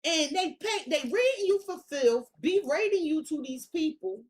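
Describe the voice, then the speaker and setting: High-voiced woman, tarot reader, casual monologue, slangy and emphatic with lots of cursing. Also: animated, moderate pace, darkish tone. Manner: blunt, profane, slangy and emphatic.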